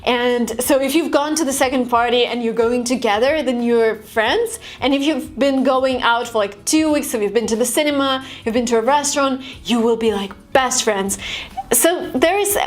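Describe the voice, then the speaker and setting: Fairly high-voiced woman, chatty english lesson, acts out big reactions. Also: normal speed. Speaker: language vlogger teaching English phrases. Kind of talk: casual video lesson. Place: lives in San Francisco.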